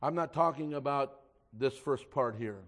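A man preaching a sermon to his church, rising loud and slow on key words and dropping quiet when he reads scripture aloud in old-fashioned wording. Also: medium pitch.

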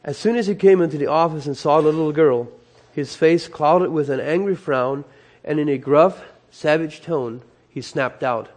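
Male preacher, dramatic sermon storyteller, slightly high voice. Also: normal speed. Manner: dramatic, emotional, swinging loud and soft.

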